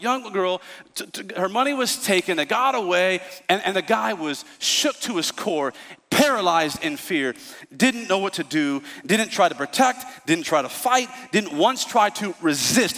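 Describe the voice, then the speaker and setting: A male pastor preaching a sermon, telling stories in an animated way and acting out the voices of the people in them. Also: high voice, big-room sound. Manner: storytelling, animated, acts out voices. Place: church.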